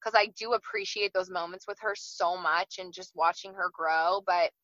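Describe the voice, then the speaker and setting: A woman's voice: fairly low pitch, fairly even intonation, normal speed, fairly bright tone, no room sound, dull audio. A woman talking candidly from her car as a guest, often repeating words as she starts a thought. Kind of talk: casual chat.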